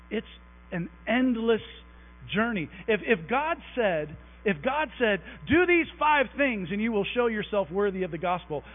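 A man preaching a conversational, animated sermon in a church sanctuary, joking with the congregation as he goes. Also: high-pitched. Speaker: pastor. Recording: tinny phone-like recording with mains hum.

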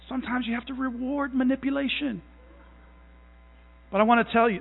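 A man in his thirties delivers a conversational sermon in a fairly high voice, mixing folksy family stories with self-deprecating jokes. He builds to slow, emphatic conviction. The sound is narrow and phone-like, with a long hall echo trailing behind it. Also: animated, vocal fry, breathy edge. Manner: builds to a louder, slower fervor. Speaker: preacher.

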